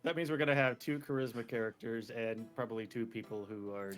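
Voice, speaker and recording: Man, mid pitch, casual chatty talk, faint music behind. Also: fairly even intonation, brisk, a bit bright. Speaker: podcast co-host and player. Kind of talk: casual chat.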